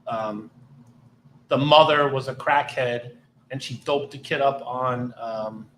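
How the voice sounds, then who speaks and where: A middle-aged former police officer tells blunt, heavily profane stories in a casual podcast, retelling them with animation. His mid-range voice moves slowly, captured roughly in an echoey room with slight background noise.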